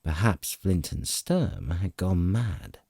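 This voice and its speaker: A deep, dark male voice narrating a fantasy novel with an unhurried, dramatic delivery. His pitch moves expressively, and the voice has a husky grain. The recording is dry and close-miked. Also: very animated, no echo. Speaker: audiobook narrator.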